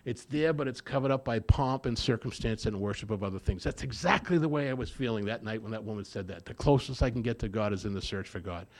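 This man talks fast with hardly any pauses, his lowish voice darkish in tone, as he gives a plain-spoken personal testimony at a recovery meeting. He repeats phrases for emphasis and acts out quotes from other people.

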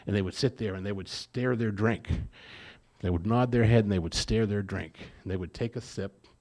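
At a recovery meeting, a man shares his personal testimony in a plain-spoken way, his fairly low, darkish voice at normal speed. He repeats phrases for emphasis and tells his story by acting out what others said.

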